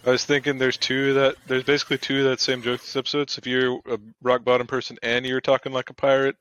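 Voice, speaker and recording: A man co-hosting a casual podcast, relaxed and rambling, laughing at the jokes. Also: mid-range voice, fast, clean tone, dry recording, highs cut off. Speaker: podcast co-host. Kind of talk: casual chat.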